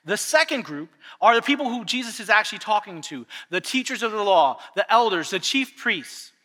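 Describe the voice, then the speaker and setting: A man in his thirties preaching a sermon as a pastor, telling a family story in an animated way and acting out the voices. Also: high voice, moderate pace. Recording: long echo of a large hall.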